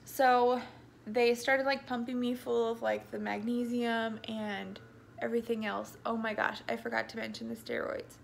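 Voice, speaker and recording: A woman's voice: fairly high pitch, normal speed, creaky, a little hiss or hum. A young woman telling her birth story in a casual, rambling way, with many ums and likes, at times tearful. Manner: rambling, full of ums and likes, backtracks often. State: tearful, voice breaking.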